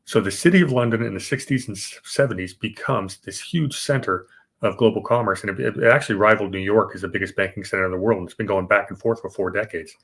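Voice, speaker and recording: A man's voice: lowish voice, quick pace, fairly bright tone, breathy edge. A man co-hosting a podcast, explaining banking history casually, with fillers and restarts. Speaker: podcast co-host.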